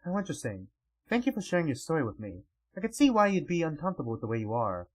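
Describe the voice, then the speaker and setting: A man voicing a composed female ruler who speaks in a measured, formal way. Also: on the high side, big pitch swings, pitched below the performer's own voice, low-quality recording. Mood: gracious.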